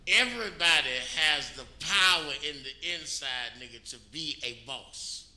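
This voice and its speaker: Bright-voiced man telling a story. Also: a little high, a little slow. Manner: profane, emphatic, keeps asking "you know what I'm saying". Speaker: radio show co-host. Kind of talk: casual storytelling chat. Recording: roomy echo with faint noise.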